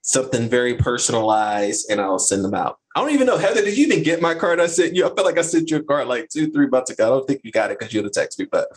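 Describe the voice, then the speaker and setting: A man's voice: mid-range voice, big pitch swings, fast talker, hardly any pauses, poor audio. A man hosting a podcast in casual chat, talking in a slangy, laid-back way. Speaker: podcast host.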